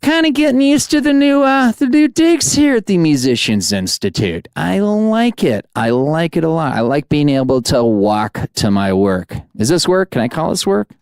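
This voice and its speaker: A man's voice: fairly high pitch, very animated, normal speed, few pauses, darkish tone, clear, resonant tone, dry recording, studio quality. A man hosting a podcast, wrapping up an interview and signing off with jokey, rambling asides. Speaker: podcast host. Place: studio.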